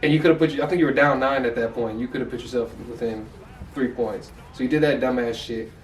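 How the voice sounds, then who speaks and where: A man's voice: mid-range voice, fast, a little hiss or hum. An American man co-hosting a sports podcast, breaking down a game in candid, loose, profane chatter. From United States. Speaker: podcast co-host. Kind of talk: casual sports analysis chat. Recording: echoey room, mic far off.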